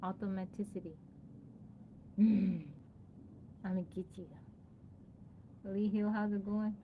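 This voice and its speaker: A woman's voice: mid-range voice, level tone, takes it slowly, phone-quality sound, a little hiss or hum. Playful woman live-streaming. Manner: playful, laughs often, thanks viewers by name; sounds out a hard word again and again. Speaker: livestreamer. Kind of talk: casual live-stream chat.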